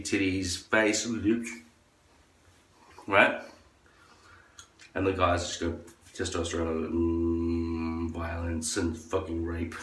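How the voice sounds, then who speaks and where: A man's voice: little pitch movement, takes it slowly, pauses often, fairly bright tone, a little hiss or hum. A man delivering a crude, profane, rambling monologue as a vlogger. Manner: crude, profane ranting; acts out others in a high falsetto. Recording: echoey room, far from the mic.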